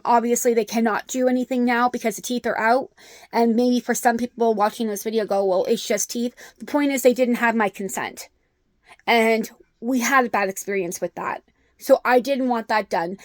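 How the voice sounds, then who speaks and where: A woman's voice: on the high side, steady tone, moderate pace, no echo, studio quality. A middle-aged woman telling an upsetting personal story in a vlog, rambling with many ums. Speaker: vlogger.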